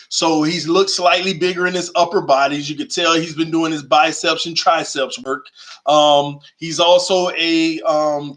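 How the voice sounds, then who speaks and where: Excitable young male livestream host with a fairly high voice and loose slangy delivery. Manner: excitable, shouts and sings out, slangy. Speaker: fan channel host. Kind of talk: live-stream sports fan talk.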